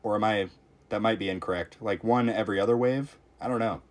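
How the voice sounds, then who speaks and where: Young male game streamer, lowish voice, casual reactive commentary to chat. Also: brisk. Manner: reactive, talks to chat while playing, frequent exclamations. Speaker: streamer playing a tower defense game.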